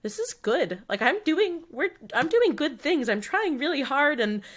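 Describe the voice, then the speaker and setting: A woman's voice: high voice, very animated, measured pace, fairly bright tone. A young woman co-hosting a podcast, chatting casually about her year, with frequent laughs and lots of fillers. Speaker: podcast co-host. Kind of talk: casual chat.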